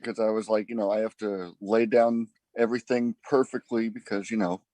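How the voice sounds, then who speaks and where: An easygoing man chats about his band in an interview. He talks in a relaxed, halting way. His voice is low and the recording is dry. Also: dry recording, rough recording. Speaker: band member. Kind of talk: casual interview chat.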